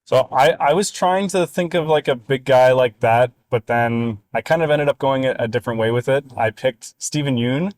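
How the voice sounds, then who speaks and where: A man's voice: mid-range voice, normal speed, few pauses, dry recording, low-quality recording. A man co-hosting a casual movie chat, rambling through his picks and laughing easily at himself. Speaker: podcast co-host.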